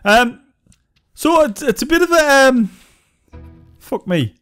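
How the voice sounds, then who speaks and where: Brief: a deadpan, foul-mouthed male game reviewer with a high, animated voice. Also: takes it slowly, clear, resonant tone, soft background music. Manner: sarcastic, swearing, deadpan. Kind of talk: let's-play commentary.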